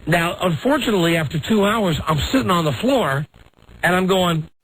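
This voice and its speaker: A middle-aged American man hosting a radio talk show, telling a self-mocking story in a lively, animated way. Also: sits high, normal speed, breathy edge, no room sound, low-quality recording. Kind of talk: casual on-air storytelling.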